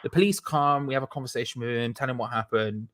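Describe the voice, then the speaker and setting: A man's voice: medium pitch, fast, no room sound. A young man, casually telling a long story with lots of swearing and acted-out voices. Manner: animated, swears often, acts out voices in his stories.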